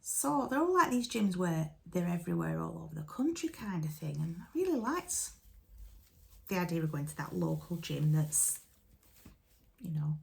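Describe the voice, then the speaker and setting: A woman tells a story to her camera in a chatty, casual way, with a fry running through her voice. Her voice sits a little low for a woman. She acts out what everyone said as she goes. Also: sing-song, normal speed, darkish tone. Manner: chatty, retells conversations with quoted dialogue. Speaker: vlogger.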